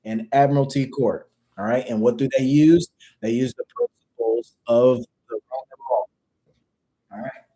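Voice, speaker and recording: A man's voice: mid-range voice, lively intonation, normal speed, gravelly, dark tone, poor audio. Slangy man lecturing casually. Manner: conversational, slangy, repeats phrases for emphasis. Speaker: livestream teacher. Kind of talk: casual lecture reading from dictionaries.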